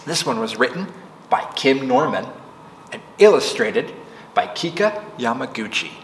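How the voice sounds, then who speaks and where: A man's voice: mid-range voice, big pitch swings, measured pace. Male children's librarian, sing-song storytime delivery, recorded in a roomy space with faint background hiss. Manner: sing-song, coaxing, asks children questions. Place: library room. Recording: echoey room, long reverb, faint noise.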